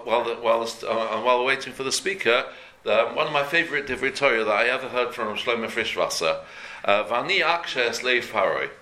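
A man's voice: mid-range voice, pushed and bright, a little hiss or hum. A man teaching a daily Jewish law class in an earnest, conversational way, repeating and rephrasing each point as he explains it. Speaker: Torah teacher. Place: room before a talk.

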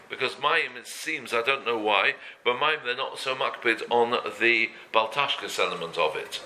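A man teaching a daily religious law class, halting often and mixing Hebrew terms into his talk. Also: mid-range voice, bright, forceful tone, a little hiss or hum, low-quality recording.

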